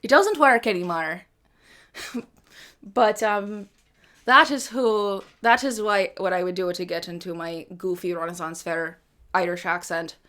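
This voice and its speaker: A woman's voice: fairly low pitch, a little slow, bright, forceful tone. A woman hosting a live music stream, chatting casually between songs, rambling and swearing freely with self-mocking humor. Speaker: livestream host and singer.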